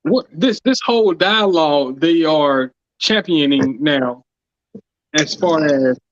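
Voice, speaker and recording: A man co-hosting a casual podcast, speaking haltingly with many restarts as he questions a point. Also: fairly high pitch. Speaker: podcast co-host. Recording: dry, dull lo-fi sound.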